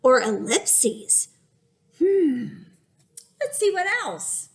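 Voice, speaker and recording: A woman teacher giving an animated reading lesson to young children, using an exaggerated, expressive voice. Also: high voice, extremely slow.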